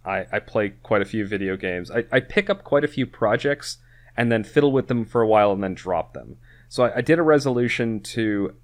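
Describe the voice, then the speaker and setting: A man with a low voice co-hosts a podcast in relaxed conversation. He rambles, restarts his sentences and fills pauses with "like" and "you know". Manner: rambling, many restarts and fillers. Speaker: podcast co-host. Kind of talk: casual chat.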